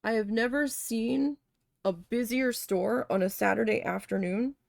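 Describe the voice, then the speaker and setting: A woman with a raised, fry-laden voice tells a long, candid story as she paints. She talks casually, swears freely and corrects herself as she goes. Her voice is recorded close and dry, with almost no room sound. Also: fairly high pitch, measured pace, a little mellow, dry recording. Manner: candid, profane, rambling with self-corrections. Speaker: art vlogger recalling a retail cashier job.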